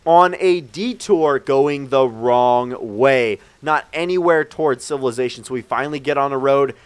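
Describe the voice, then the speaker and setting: A young man with a smooth, mid-range voice speaks at normal speed, addressing his viewers directly. On his gaming channel, he tells a rambling, profane story in a casual storytime over gameplay.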